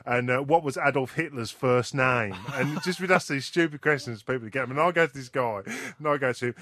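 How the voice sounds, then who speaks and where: A man's voice: mid-range voice, a little fast, few pauses, dry recording, studio quality. A man, hosting a local radio show in casual banter and telling stories with lots of laughter. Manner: animated storyteller, laughs often. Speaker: radio host.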